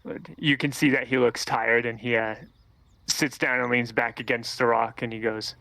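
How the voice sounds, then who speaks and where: A man narrating as game master of a tabletop game, relaxed and quick to laugh. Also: medium pitch, no room sound.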